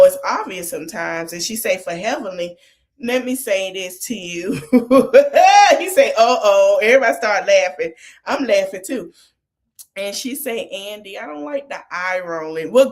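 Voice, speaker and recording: A woman hosting a podcast, recapping a reality show reunion in a chatty, gossipy way, with sassy asides. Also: medium pitch. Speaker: podcast host.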